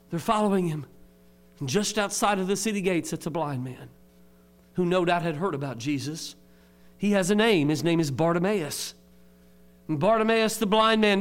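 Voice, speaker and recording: A man preaching a sermon, climbing to fervent near-shouted passages and then dropping to a low, earnest tone.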